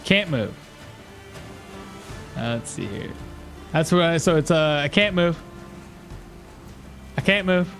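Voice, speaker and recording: A man's voice: a little high, animated, unhurried, long pauses, fairly bright tone, soft background music. A man streaming a game and chatting casually, joking and laughing often between rambling asides. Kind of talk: casual live gameplay commentary.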